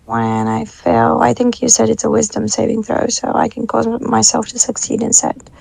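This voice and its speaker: A woman's voice: a little high, completely flat delivery, moderate pace, gravelly, a little mellow, slightly rough. A woman playing in a live tabletop game, explaining her rules methodically with filler words. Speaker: player. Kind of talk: live-play tabletop gaming talk.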